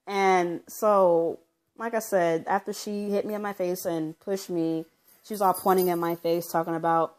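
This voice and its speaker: Casual vlogger woman with a low voice, talking through a personal story off the cuff with plenty of fillers. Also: fairly even intonation, moderate pace, darkish tone. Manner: rambling, with many fillers like um and you know; loosely reenacts what people said as she tells it. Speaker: vlogger telling her own story.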